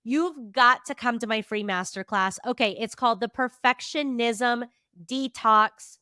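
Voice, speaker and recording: A woman's voice: fairly high pitch, unhurried, sharp tone, clean tone, no room sound, clean studio sound. A woman in her thirties hosting a motivational podcast, her voice nasal and stuffy from allergies, upbeat and emphatic. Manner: upbeat, emphatic, casually swears. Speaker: podcast host and therapist.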